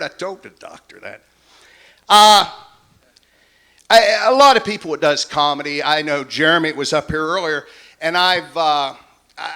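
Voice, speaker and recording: Lively high-voiced man in his fifties. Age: 50s. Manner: folksy storytelling, self-deprecating. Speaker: stand-up comedian. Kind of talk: stand-up comedy set. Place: comedy club stage.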